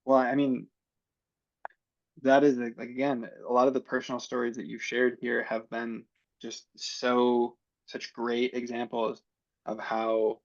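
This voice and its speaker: A man's voice: mid-range voice, level tone, unhurried, no room sound. A man talking as a podcast guest, explaining his views in a reflective way with many fillers. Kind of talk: casual conversation. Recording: dull, dry sound.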